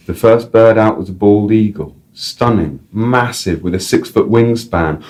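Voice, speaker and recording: A man's voice: on the low side, measured pace, hardly any pauses, a little mellow. A male author and editor, a guest in an interview, talking casually in a rambling way with repeated words and many "like"s. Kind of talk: casual chat and reading aloud.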